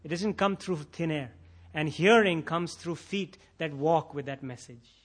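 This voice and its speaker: Unhurried and on the high side, a man's voice carries a pastor's sermon. He builds to intense emphasis, repeats key phrases, and sometimes acts out imagined prayers in quoted voices.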